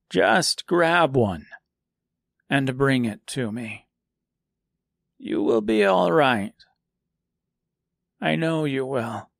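A man voicing a soft-spoken, kindly elderly woman, a seamstress, in a gentle, coaxing manner. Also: extremely low pitch, vocal fry, no echo, clean studio sound, full character voice.

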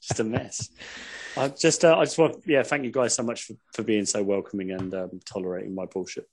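A man's voice: on the low side, fairly even intonation, fairly quick, darkish tone, husky. A man with a Cockney accent, a guest on a casual podcast, sweary and self-mocking as he jokes.

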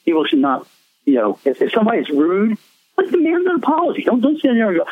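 A man's voice: high-pitched, huge pitch swings, moderate pace, husky, dry recording. A man, a musician guest, telling rambling stories in a casual interview, laughing often. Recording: tinny phone line, dry.

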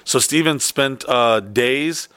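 A man's voice: mid-range voice, slow, bright, forceful tone, clean tone, dry recording. A man co-hosting a podcast, talking in a crude, rambling, laid-back way. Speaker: podcast co-host. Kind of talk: casual podcast banter.

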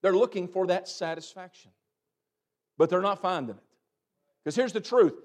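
A man preaching a sermon as pastor, building phrases up and letting them drop off quietly. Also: very high voice. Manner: preaching with swelling and fading emphasis, repeated phrases.

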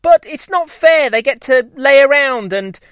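A restless little girl bee, put on by a man, squeaks out her protests in a high, whiny voice. She sounds curious and breathless, pleading with real feeling. The sound is dry and close. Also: lively intonation, a little slow, a bit bright, no room sound, exaggerated voice.

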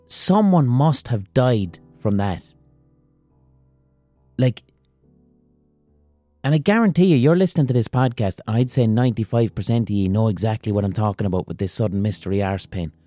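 A man hosts a podcast with a crude, animated comic monologue. His voice sits at a middle pitch, close and dry on the mic, with faint music far behind. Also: no room sound. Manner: crude, animated, gasping impressions. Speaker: podcast host.

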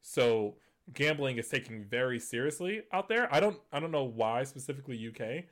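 A man's voice: medium pitch, expressive, moderate pace. Casual man hosting gaming news. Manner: conversational, many fillers and restarts, laughs at points. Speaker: gaming news show host. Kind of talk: casual commentary.

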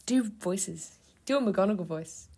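Animated young woman, slow lively speech. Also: medium pitch, breathy edge. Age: 20s. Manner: animated, reacts with loud disbelief. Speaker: podcast co-host. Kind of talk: casual podcast chat.

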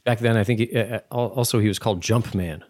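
A man's voice: lowish voice, fast, darkish tone, no echo, clean studio sound. A man co-hosting a podcast in casual chat, rambling loosely and laughing often. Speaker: podcast co-host.

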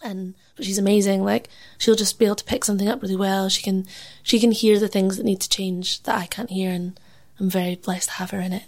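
A young woman musician talks in a relaxed, chatty way, with a gravelly creak in her voice. She laughs easily, fills her speech with "like", and acts out other people's words when she tells a story. Her pitch sits at an ordinary middle height. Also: a little fast, few pauses. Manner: chatty, laughs often, says "like" a lot. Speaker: musician and MC, podcast guest. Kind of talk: casual interview chat.

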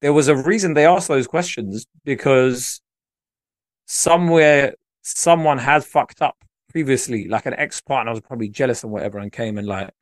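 Man, podcast co-host, slangy, mid-pitched voice, dry studio sound. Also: moderate pace, no room sound. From England. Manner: loose slangy talk, quotes people in little voices. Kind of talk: casual chat.

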